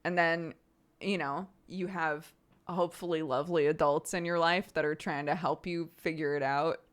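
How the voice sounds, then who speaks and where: A woman in her thirties hosts a live stream, chatting casually with her audience in a low, fairly even voice at a moderate pace. She's candid and self-mocking, laughs often, and acts out loud, exasperated outbursts.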